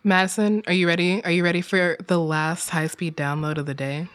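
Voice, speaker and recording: A young woman co-hosting a casual podcast, giggly and animated, swearing casually. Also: lowish voice, a little fast. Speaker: podcast co-host.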